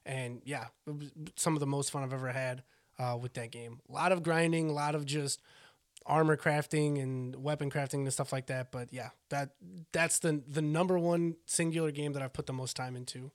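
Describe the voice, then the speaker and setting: A man's voice: mid-range voice, steady tone, normal speed, no room sound, studio quality. A young adult man co-hosting a podcast, rambling casually with many restarts and hesitations. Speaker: podcast co-host. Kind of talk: casual chat.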